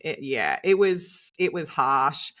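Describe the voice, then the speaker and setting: Bright, chatty Australian woman. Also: deep voice, slow. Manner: lively, chatty, laughs often while recounting. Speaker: podcast co-host and nutritionist. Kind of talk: casual storytelling chat.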